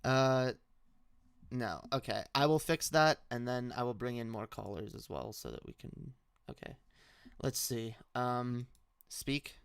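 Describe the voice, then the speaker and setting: A man's voice: mid-range voice, unhurried, vocal fry, clean tone, no echo, studio quality. A young man hosting a live stream with call-ins, chatting casually with loose slang, swearing and many restarts.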